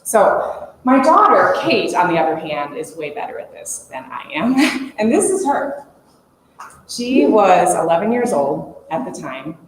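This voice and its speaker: A woman in her forties telling a lively story to a conference audience, laughing as she goes. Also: lowish voice, unhurried. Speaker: conference speaker. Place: conference room. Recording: echoey conference room, faint hum.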